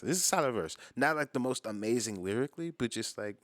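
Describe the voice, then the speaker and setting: American male reaction host, low voice, chatty and profane. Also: lively intonation, fast, few pauses, no echo, studio quality. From United States. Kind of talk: casual reaction commentary.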